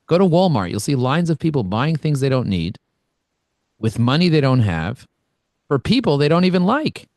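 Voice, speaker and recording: A man from Brooklyn, New York, coaching an online group on a video call with blunt, energetic, conversational talk. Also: on the high side, gravelly, dry recording, studio quality. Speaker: networking coach, host.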